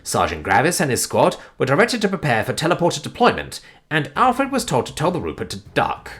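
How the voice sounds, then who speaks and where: A man narrating a sci-fi war story in an animated, expressive way, with sudden swings in pitch and loudness. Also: fairly quick.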